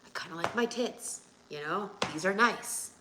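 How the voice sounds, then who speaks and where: A woman vlogger talking in a rambling, profane way, swinging from murmurs to loud bursts. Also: medium pitch, normal speed, noisy background. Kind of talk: rambling casual vlog talk.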